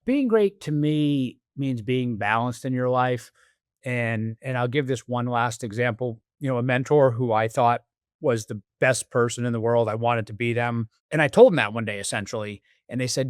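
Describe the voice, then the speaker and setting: A man's voice: mid-range voice, fairly quick, clean tone, no echo, clean studio sound. A man as a podcast guest, telling stories and acting out quoted dialogue in a conversational interview. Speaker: podcast guest, business executive.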